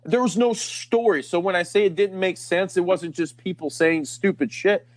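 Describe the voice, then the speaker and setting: A podcast host tells a long story in rambling, casual fashion, swearing plenty and laughing often. His voice sits high, at a moderate pace, and the recording is dry.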